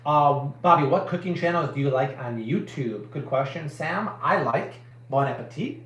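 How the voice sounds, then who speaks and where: A man's voice: fairly high pitch, animated, normal speed, fairly bright tone, reverberant. A man hosting a live cooking stream, chatting casually and answering viewer questions with slangy, emphatic energy. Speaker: cooking show host.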